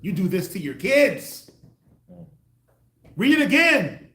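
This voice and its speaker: A man preaching to a group, acting out the voices he quotes with sudden loud bursts. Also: sits high, sing-song, slow, reverberant. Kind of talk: street sermon teaching.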